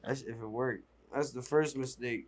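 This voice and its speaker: A man, telling a story in a relaxed, casual interview manner, punctuating it with filler beats. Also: normal speed, a little hiss or hum. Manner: laid-back, repeats filler beats like "boom". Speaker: interview guest.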